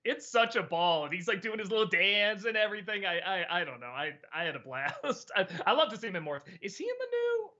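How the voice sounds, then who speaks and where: A man's voice: high-pitched, sing-song, a little fast, hardly any pauses, bright, forceful tone, dull audio. A middle-aged man answering viewer questions in a casual livestream chat, rambling, laughing often and swearing freely.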